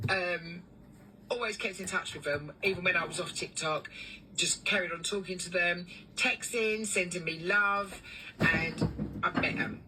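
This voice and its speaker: A woman who runs a cleaning business, telling a long story in a chatty, animated way with lots of fillers. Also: lowish voice, recorded from a distance, a little hiss or hum, poor audio. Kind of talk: casual storytelling vlog.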